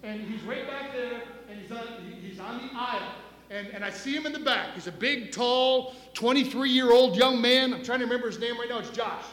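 High-voiced preaching man in an echoey church. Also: moderate pace, a bit bright. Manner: impassioned preaching with repetitions and restarts. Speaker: pastor. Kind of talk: sermon. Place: church sanctuary.

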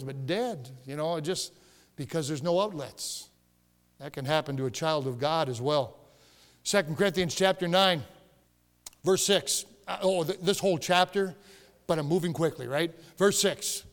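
A pastor delivers a sermon in a church sanctuary, telling stories and growing emphatic until he rises to shouts. His fairly high, expressive male voice moves at a normal speed, and the church hall gives it a long reverb.

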